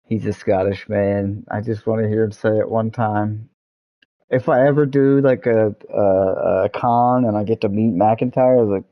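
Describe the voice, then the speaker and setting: A man's voice: on the low side, steady tone, measured pace, muffled recording. A young man hosting a gaming video, rambling and joking with frequent laughs and swearing. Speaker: gaming channel host. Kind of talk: let's-play commentary.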